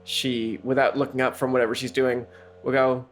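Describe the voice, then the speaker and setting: A middle-aged man co-hosts a podcast in relaxed, casual chat. He talks in a halting, self-deprecating way and often restarts his sentences. His voice sits at an ordinary middle pitch. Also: a little hiss or hum. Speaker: podcast co-host.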